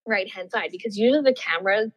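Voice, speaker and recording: A woman, a former Olympian, telling her story in a casual interview. She is animated, laughs often and acts out what she was thinking at the time. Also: mid-range voice, fast talker. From Australia. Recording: dull, muffled audio with long reverb.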